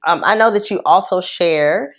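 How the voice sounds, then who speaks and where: A woman's voice: lowish voice, normal speed. A woman hosting an interview show, supportive and encouraging, with many short affirmations. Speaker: host. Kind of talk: interview chat.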